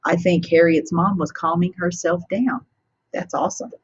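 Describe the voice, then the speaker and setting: A woman teacher reading a picture book to children, pausing often to ask them questions. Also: lowish voice, fairly even intonation, husky, dull audio. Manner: warmly interactive, asking children questions.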